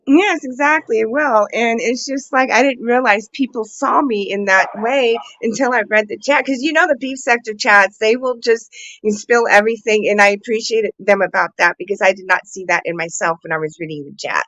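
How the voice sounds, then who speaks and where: A woman's voice: fairly high pitch, moderate pace, a bit bright, no room sound, muffled recording. A woman calling in as a guest on a live show, speaking bluntly and frankly and swearing freely. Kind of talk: candid live call-in conversation.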